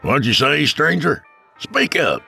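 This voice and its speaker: A man's voice: on the high side, wildly swooping pitch, takes it slowly, gravelly, pushed and bright, slightly rough, soft background music, pitched above the performer's own voice, heavily acted. A man voicing a stern, scoffing old-west saloon bartender.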